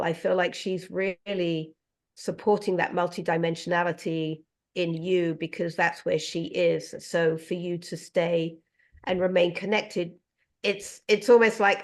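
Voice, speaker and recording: Gentle emotional woman, slightly low voice. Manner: gentle, emotional, many fillers. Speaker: animal communicator. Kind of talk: heartfelt casual conversation.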